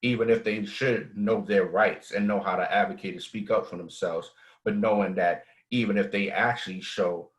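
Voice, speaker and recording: A man's voice: fairly low pitch, fairly even intonation, moderate pace, rough recording. A man, a guest on a panel discussion, talking at length in a rambling way, full of "you know.". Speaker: podcast guest.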